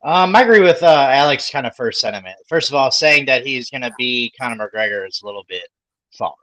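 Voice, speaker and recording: A man's voice: medium pitch, lively intonation, brisk, fairly bright tone, low-quality recording. A man giving his views as a panelist in a casual sports talk, laid-back and conversational, with hedges. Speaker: podcast panelist.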